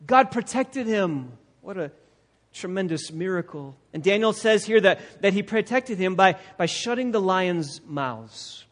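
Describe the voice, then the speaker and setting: A man preaching from the pulpit with a fairly high voice that rings out in the long reverb of a big church hall. He leans hard on key words and doubles his phrases for weight as he works through the text. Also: lively intonation, unhurried. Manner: emphatic, repeats phrases for stress. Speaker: pastor. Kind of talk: expository sermon.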